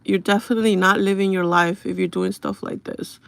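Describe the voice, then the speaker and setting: A woman's voice: medium pitch, fairly even intonation, brisk, gravelly, fairly bright tone, clean tone, no room sound. A young woman livestreaming from home on her phone, chatting casually and confidingly with viewers and bluntly brushing off trolls.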